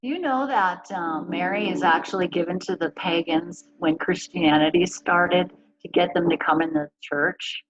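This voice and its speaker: A woman guest in a casual spiritual chat who affirms and agrees in quick interjections. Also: lowish voice. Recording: muffled with crowd noise behind.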